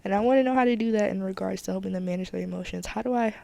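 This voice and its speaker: A woman's voice: medium pitch, rapid-fire, creaky, warm tone. A woman hosting her own podcast, talking candidly and emphatically in a casual solo monologue, often repeating herself for emphasis. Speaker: podcast host.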